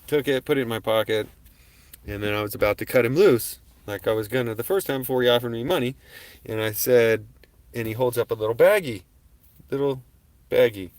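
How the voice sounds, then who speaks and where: Male livestream host, casual storyteller, swears freely, mid-pitched, voices the other people in his story. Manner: profane, animated, acts out quoted exchanges loudly.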